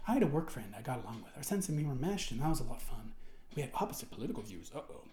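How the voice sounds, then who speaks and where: A man's voice: mid-range voice, very animated, rapid-fire, dark tone. Indignant man ranting in a roomy echo. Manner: indignant, rambling, with many restarts and swearing. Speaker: forum member answering his ban. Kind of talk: ranting commentary while reading forum posts aloud.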